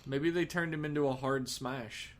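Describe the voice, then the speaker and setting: A man's voice: medium pitch, steady tone, normal speed. A man co-hosting a podcast in casual chat, joking, swearing freely and laughing often. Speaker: podcast co-host.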